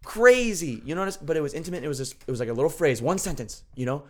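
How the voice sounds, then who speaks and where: A man sharing stories of prayer in a casual, earnest conversation, often restarting his sentences and growing animated when excited. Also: fairly high pitch, racing.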